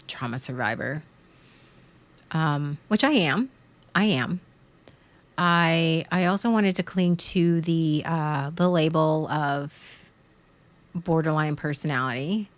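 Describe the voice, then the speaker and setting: A woman hosting a podcast, talking through a frank, emotional monologue that rambles, restarts and repeats words as she goes. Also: low voice. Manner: frank and emotional, swearing at times. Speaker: podcast host.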